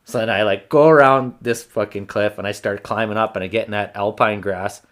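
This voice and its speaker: Man, low voice, casual podcast storytelling, profane, animated. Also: a little fast. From Canada. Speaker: podcast host.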